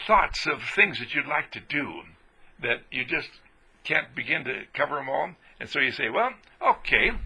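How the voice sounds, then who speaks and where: Gravelly, animated man giving a motivational talk. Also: on the high side. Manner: exuberant, swings from hushed to loud, laughs often.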